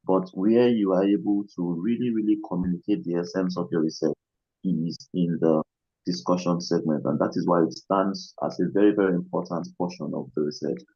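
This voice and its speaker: A man's voice: sits low, steady tone, a little fast, husky, no room sound. A man, a student on a video call, hesitantly summing up a lesson with many ums. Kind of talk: class summary answer. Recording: muffled video call audio.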